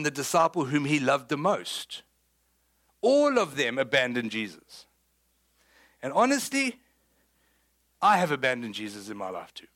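A South African man delivers a sermon with a slightly higher voice. He tells the story with energy and humor, and breaks into the voices of the people he quotes. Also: fairly bright tone. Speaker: pastor.

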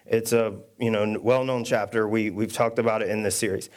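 Man preaching in a relaxed chatty way. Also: lowish voice. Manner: casual storytelling with self-deprecating humor; reads scripture aloud at a quick clip. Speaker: pastor. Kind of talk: conversational sermon.

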